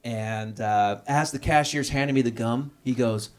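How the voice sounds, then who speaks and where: A man in his thirties doing a stand-up set at a small restaurant comedy night, talking into a handheld mic. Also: normal speed. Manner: lively, jumps into high voices for quoted people.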